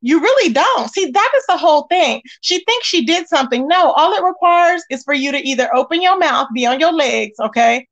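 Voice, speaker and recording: A woman's voice: high voice, lively intonation, fairly quick, few pauses, a bit bright, highs cut off. A woman hosting casual gossip commentary, sassy and emphatic, reading chat and scolding. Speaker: YouTube commentary host.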